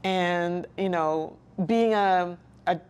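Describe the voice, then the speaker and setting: A woman talking as an interview guest, earnest and reflective, with pauses and restarts. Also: on the low side, a little mellow, clean tone. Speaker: guest, licensed counselor. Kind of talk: candid personal interview talk.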